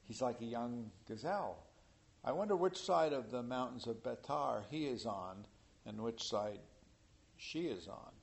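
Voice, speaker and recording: A man preaching a sermon in an animated way, rising to loud emphasis. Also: medium pitch, unhurried, gravelly. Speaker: pastor.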